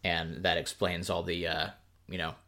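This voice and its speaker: A woman's voice: extremely low pitch, level tone, moderate pace, fairly bright tone. A woman co-hosting a podcast, chatting casually about a book with a sarcastic edge and frequent laughs. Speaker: podcast co-host.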